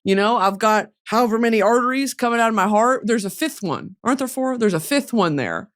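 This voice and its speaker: Dramatic, animated woman podcast host. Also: fairly high pitch, fairly quick. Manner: dramatic, swings between mock outrage and giggles. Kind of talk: comedic chat.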